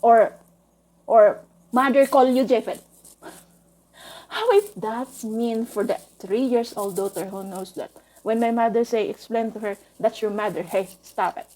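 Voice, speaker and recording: A woman recounts a painful memory in a slow, halting way, often restarting her sentences. Her voice sits a little high yet sounds mellow and soft. The telling is deeply emotional. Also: animated, low-quality recording. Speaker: vlogger. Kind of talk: personal storytelling.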